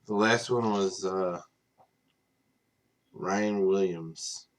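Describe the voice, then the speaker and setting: A man with a fairly low voice runs a live card break, listing players and teams in a steady, plain run. He sounds worn out and casual, yawning now and then after a long day. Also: extremely slow. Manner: tired, casual, apologizes for yawning; reads off names in a steady list.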